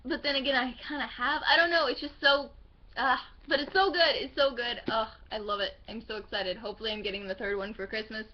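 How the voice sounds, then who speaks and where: A young woman vlogger chatting about her book haul, gushing and excitable, swearing now and then. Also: fairly high pitch, brisk, muffled recording. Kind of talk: casual book haul chat.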